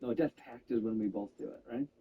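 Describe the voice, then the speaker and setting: A man's voice: fairly low pitch, fast talker, warm tone, muffled recording, a little hiss or hum. A man in casual banter with a friend, teasing and joking and often laughing. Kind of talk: casual chat over gameplay.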